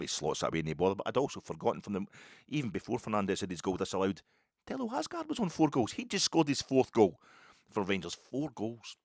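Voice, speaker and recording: A man hosting a solo football podcast, rambling and excitable with lots of restarts and asides. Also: low voice, fast, dry recording, studio quality. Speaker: podcast host.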